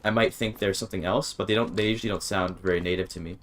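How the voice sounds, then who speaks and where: A man with a low, steady voice races through casual livestream commentary as he plays a video game. He talks with his viewers, swears and restarts sentences when frustrated, and there is slight background noise.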